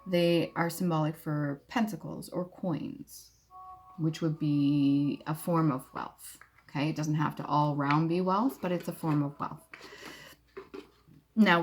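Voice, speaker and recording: A woman's voice: sits low, a little hiss or hum. A young adult woman telling a personal story casually, blunt and candid, swearing freely. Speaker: vlogger. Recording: music playing behind.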